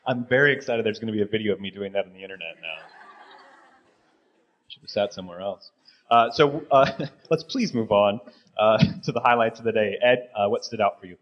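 A man co-hosting a live conference roundup, talking quickly with many fillers. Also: on the low side, highs cut off. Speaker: co-host.

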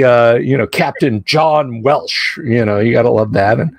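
A man's voice: medium pitch, no echo. A man talking movies on a casual podcast, rambling from one aside to the next. His voice sits in a middle register. It sounds close and dry, with no room behind it. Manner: rambling, animated, quick asides. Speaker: podcast host. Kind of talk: casual chat about movies.

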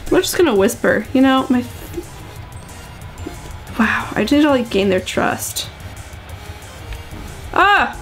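High-voiced chatty young woman gamer. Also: very animated, slow, pauses often, soft background music. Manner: chatty, exclamatory, many "like"s. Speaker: gaming video host. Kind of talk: let's play commentary.

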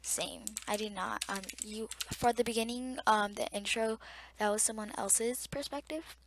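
Young woman, casual game commentary, chatty with viewers, high pitch, home recording with audible background noise and keyboard. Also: moderate pace. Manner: chatty, easily startled, talks to viewers. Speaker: gamer. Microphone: desktop mic near loud keyboard.

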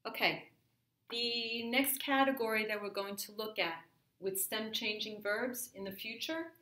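A woman walks her students through a grammar lesson, slow and patient, often checking whether they follow. Her voice sits a little high and sounds bright. The room around her is echoey. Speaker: French teacher.

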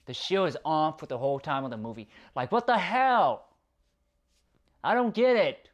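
A man giving a casual, ranting film review, exasperated and profane, often repeating himself. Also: fairly high pitch. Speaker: movie reviewer.

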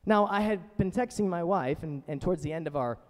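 A man's voice: a little high, expressive, a little fast, big-room sound. A man in his thirties preaching a sermon as pastor, speaking in a casual, chatty way with frequent asides. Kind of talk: conversational sermon. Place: church sanctuary.

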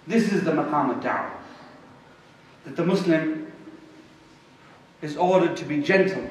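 A man giving a Friday sermon as preacher, impassioned, slowing words for emphasis and reciting verses quickly. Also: high-pitched, slight background noise. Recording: echoey hall from far off.

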